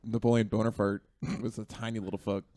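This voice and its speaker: A man co-hosting a comedy podcast in front of a live audience, dropping deadpan wisecracks between the others' lines. His voice sits low and sounds dry, with hardly any room on it. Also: brisk, dry recording. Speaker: podcast co-host. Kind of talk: casual comedic chat.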